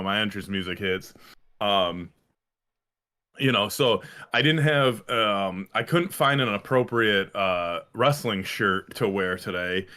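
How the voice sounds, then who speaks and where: A man's voice: medium pitch, pushed and bright, clear, resonant tone. A man co-hosting a podcast in casual chat, rambling and swearing with lots of fillers and restarts. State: a little winded. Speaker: podcast co-host.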